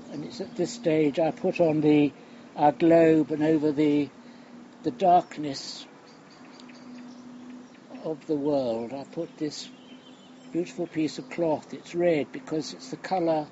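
A man, older, preaching a sermon in a slow, reflective way, letting phrases fall quiet and hushed. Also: a little high. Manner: slow, reflective, with long pauses and hushed endings. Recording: dull lo-fi recording with faint outdoor noise.

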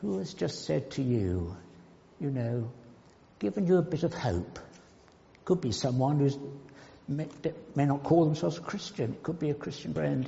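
A man preaching a sermon in a church, slow and emphatic, with sudden loud outbursts and hushed asides. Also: a little high, gravelly. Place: church hall. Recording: dull sound with long hall reverb.

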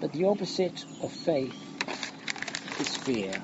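Older male preacher, unhurried and reflective, hushed on key lines; dull recording, noise behind. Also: a little high, very animated. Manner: slow, reflective, drops to a hush on key phrases. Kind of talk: sermon. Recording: muffled recording with background noise.

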